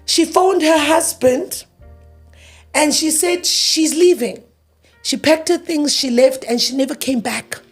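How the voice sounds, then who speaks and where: A woman's voice: high-pitched, slow pace, soft background music. A grieving woman in her thirties tells her story in an interview, emotional and repeating herself as she acts out past arguments in quoted dialogue. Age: 30s. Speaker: interview guest.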